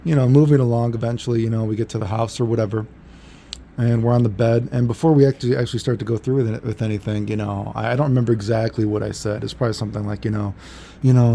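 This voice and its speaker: Gravelly man rambling laid-back. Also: medium pitch, steady tone, brisk, dark tone, a little hiss or hum. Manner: rambling, laid-back, many fillers and self-corrections. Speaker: vlogger. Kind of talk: casual storytelling monologue.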